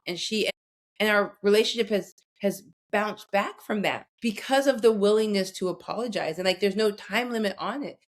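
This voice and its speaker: A woman's voice: medium pitch, moderate pace. Candid woman in her forties. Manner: candid storytelling, earnest and direct. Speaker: guest expert on conflict. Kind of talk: casual podcast conversation.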